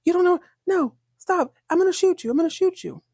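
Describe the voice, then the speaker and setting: Woman putting on a frantic young soap-opera heroine, shrill, high, shaky. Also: expressive, a little fast, dark tone, no echo, clean studio sound.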